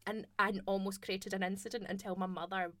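A woman's voice: medium pitch, brisk, no echo. Laughing Scottish woman telling stories. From Scotland. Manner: lively storyteller, laughing often. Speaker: guest. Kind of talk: casual chat.

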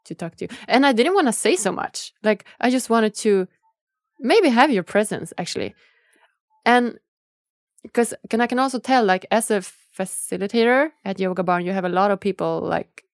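A woman's voice: mid-range voice, no echo, studio quality. A woman hosting a podcast in casual interview chat, talking earnestly and emotionally, with many fillers. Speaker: podcast host.

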